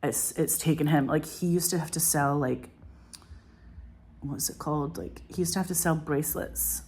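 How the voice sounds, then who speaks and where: Low-voiced, profane woman. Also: moderate pace. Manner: animated, profane, acts out quotes. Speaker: film director. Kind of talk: candid interview storytelling.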